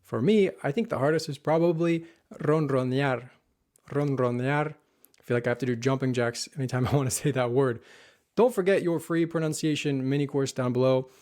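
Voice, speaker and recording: Man, language teacher, online pronunciation lesson, clear careful delivery. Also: medium pitch, steady tone, a little fast, darkish tone. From United States. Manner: clear, careful modeling of words.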